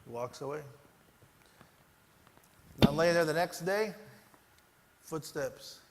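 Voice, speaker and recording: A man giving a motivational keynote, telling a personal story and swinging between loud bursts and hushed moments. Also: fairly high pitch, slow, noisy background. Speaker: keynote speaker. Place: large conference hall. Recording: echoey hall, faint ambience.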